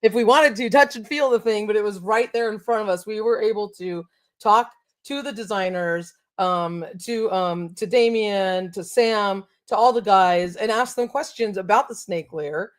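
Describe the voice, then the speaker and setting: A woman's voice: mid-range voice, moderate pace. Chatty enthusiastic woman co-hosting. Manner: enthusiastic, chatty with many fillers. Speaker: co-host of toy show. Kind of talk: casual chat.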